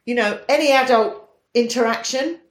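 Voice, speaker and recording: A woman's voice: on the high side, normal speed. A woman co-hosting a podcast who talks bluntly, swears freely and laughs often. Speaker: podcast co-host. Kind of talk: casual astrology chat. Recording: echoey room.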